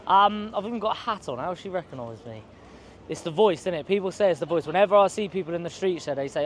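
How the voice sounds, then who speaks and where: A man's voice: sits high, animated, fast talker, a little hiss or hum. A man, telling a rambling, slangy story to camera outdoors on a city street. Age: 20s. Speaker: vlogger.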